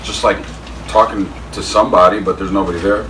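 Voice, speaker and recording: A man chatting over a meal, telling a story in loose, halting bits. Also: low-pitched, level tone, fairly bright tone. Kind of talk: casual mealtime chat. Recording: distant mic, clear background noise.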